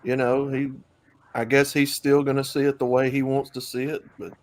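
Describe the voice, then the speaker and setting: A man's voice: mid-range voice, level tone, moderate pace, darkish tone, no room sound. A man hosting an online talk stream, chatting casually in a loose, rambling way with many fillers. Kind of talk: casual chat.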